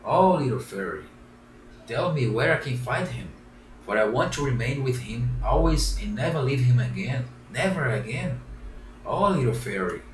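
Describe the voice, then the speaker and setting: A man's voice: medium pitch, expressive, normal speed, lightly acted. A man voicing a despairing young wooden puppet boy, pleading in a raised, tearful voice. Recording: roomy, distant, faint background hiss.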